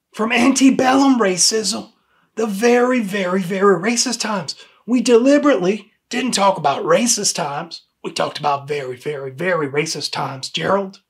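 A man's voice: sits high, vocal fry, fairly bright tone. An actor playing an exasperated male human resources supervisor in a comedy sketch, speaking in a dry, pointed way and repeating the officer's name.

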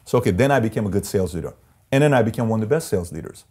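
Man, interview guest, husky, dark tone, emphatic storytelling. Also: fairly low pitch, expressive, very fast. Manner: intense, emphatic, acts out quoted voices. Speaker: interview guest, company CEO.

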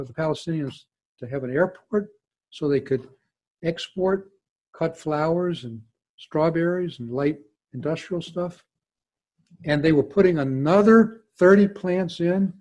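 A man's voice: on the high side, a little mellow. An older man with a Southern US accent, a former diplomat telling emphatic, digressive anecdotes as a guest speaker. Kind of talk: storytelling talk with audience Q&A.

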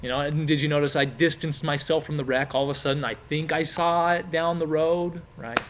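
A man's voice: a little high, fairly even intonation, a little fast, fairly bright tone, slight background noise. A man teaching a class in a casual, chatty way, with many fillers and rhetorical questions. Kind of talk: classroom explanation with role-play.

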